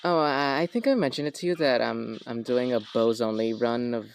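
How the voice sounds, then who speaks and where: Male host, mid-pitched voice, joking and offhand, casual conversation. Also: fairly quick, vocal fry, a little hiss or hum, low-quality recording. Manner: joking, self-correcting, offhand. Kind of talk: casual chat.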